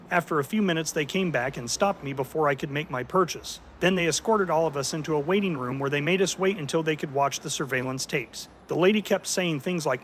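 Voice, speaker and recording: A man narrating a story in an even, scripted way, as the host of a story channel. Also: on the high side, slight background noise.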